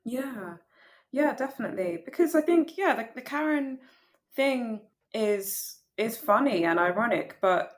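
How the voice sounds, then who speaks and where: A woman poet in casual conversation about her own poem, animated, laughing often and restarting her sentences. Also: medium pitch. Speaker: poet, guest.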